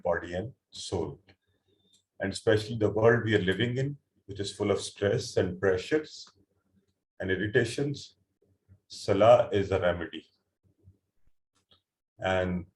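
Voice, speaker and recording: A man with a low voice teaches an online Quran class on a computer mic, and the sound is reverberant. He patiently explains word meanings one step at a time, with hesitant fillers and restarts.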